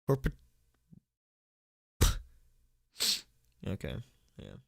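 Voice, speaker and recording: Low-voiced man fumbling through a live reading. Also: expressive, moderate pace, pauses often, a bit bright, no room sound, studio quality. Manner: stumbling, self-mocking, laughing at his own slips; chatty, thanks donors between passages. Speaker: horror story narrator and streamer. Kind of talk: live-streamed story reading. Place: at home.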